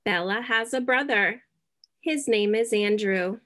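A woman teaching a beginner English lesson, speaking deliberately, checking in often and dropping in Spanish words. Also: medium pitch, bright, forceful tone. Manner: slow, deliberate, checks in with "okay?".

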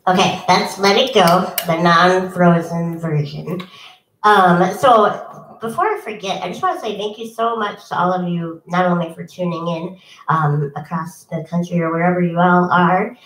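A woman's voice: fairly low pitch, normal speed, fairly bright tone, far from the mic. Chatty woman in an echoey room. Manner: chatty, self-deprecating, many ums. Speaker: musician hosting a home concert. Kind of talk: casual chat between songs. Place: home, indoors.

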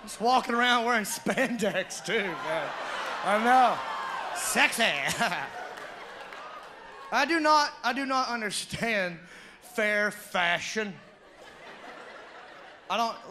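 Southern male stand-up comic, high-pitched, shouty and animated, live club recording with audience noise. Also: slow pace, pauses often, a faint crowd. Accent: Southern American. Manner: loud, animated storytelling with shouted character voices. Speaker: stand-up comedian. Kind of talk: stand-up comedy routine. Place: comedy club stage before a live audience. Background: audience laughter.

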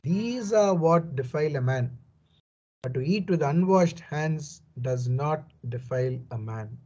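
A man's voice: a little high, expressive, measured pace, a little mellow, dull audio. A man giving a verse-by-verse Bible commentary, reading passages and explaining them earnestly and emphatically, often saying "you know". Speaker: Bible teacher.

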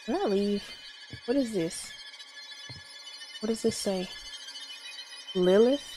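Woman streamer, nervous horror-game commentary, very slow delivery. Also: mid-range voice, noisy background. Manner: nervous, gasping and laughing in fright. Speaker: gameplay streamer.

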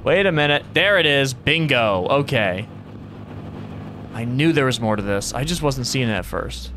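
Animated man narrating his horror gameplay. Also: medium pitch, normal speed, a little hiss or hum. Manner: thinks aloud to himself, jumpy and excitable. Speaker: gaming streamer. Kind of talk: let's play commentary.

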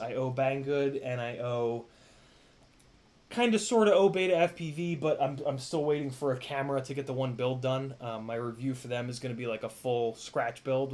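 A man's voice: medium pitch, darkish tone. A young man hosting a casual live stream, rambling with lots of fillers and restarts, swearing now and then while thanking viewers. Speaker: live-stream host reading donations.

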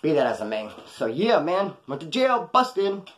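His voice runs a little high and fairly bright, swinging widely in pitch at a moderate pace. A man from California, he reminisces about his past on a live stream in a casual, slangy, meandering way, acting out quoted voices.

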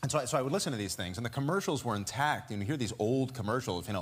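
Animated man chatting as a talk show guest. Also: medium pitch, racing, slightly rough. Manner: animated, slips into character voices. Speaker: guest, voice actor. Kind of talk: casual talk show chat.

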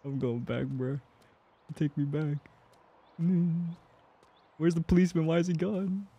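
A man's voice: on the high side, fairly even intonation, measured pace, mellow, husky, highs cut off. A young man playing a horror game, reacting with jumpy, joking commentary and reading lines aloud. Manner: jumpy, swears and laughs at scares, reads game lines aloud. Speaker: gaming streamer.

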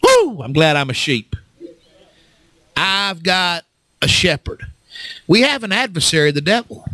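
A man preaching a fervent sermon as pastor, swinging from low talk up to shouts and calling on the congregation to answer. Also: expressive, unhurried, no echo. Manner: fervent, rises to shouts, call and response.

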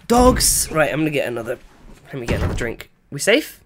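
A streamer narrating a horror game live, talking straight to the chat in a chatty, wandering way. The voice swings widely in pitch, dropping low and mumbly when calm and jumping to loud yelps when something attacks. Faint game music plays underneath. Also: normal speed. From England. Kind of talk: live gameplay commentary.

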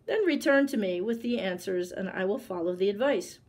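A woman voicing a fierce, hungry male tiger in a storybook read-aloud, speaking loudly with archaic words and growling threats. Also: medium pitch, lively intonation, normal speed. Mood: menacing.

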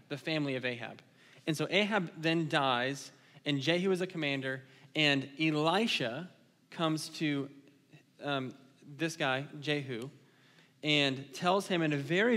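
Male pastor, slightly high voice, casual retelling of scripture; reverberant church hall. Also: fairly bright tone. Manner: conversational storytelling, paraphrasing scripture. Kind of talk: casual sermon. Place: church sanctuary.

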